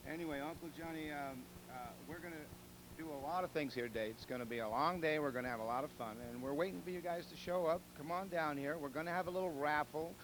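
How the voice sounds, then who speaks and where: A man's voice: fairly high pitch, fast talker, noisy background. A man hosting a telethon, rambling through jokes and appeals with repeated words and chuckles. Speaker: telethon host. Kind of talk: casual joke-telling and fundraising appeal.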